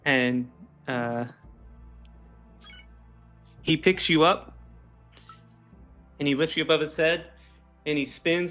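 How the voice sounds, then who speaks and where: A man's voice: on the high side, slow, pauses often, bright, forceful tone, faint music behind. A man narrating as game master in a tabletop game stream, casual and descriptive. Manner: casual, descriptive, laughs often.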